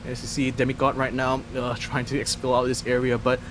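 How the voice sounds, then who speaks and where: A man's voice: mid-range voice, completely flat delivery, a bit bright, slight background noise. A man giving live color commentary on a mobile esports match, chatty and analytical with frequent "uh"s. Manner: chatty, analytical, fills pauses with "uh". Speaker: esports caster.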